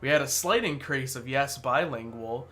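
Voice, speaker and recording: A man's voice: medium pitch, normal speed, pushed and bright, faint music behind. A man hosting a casual group chat about survey results. He laughs often, repeats himself and stammers when he restarts a sentence. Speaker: podcast host presenting survey results.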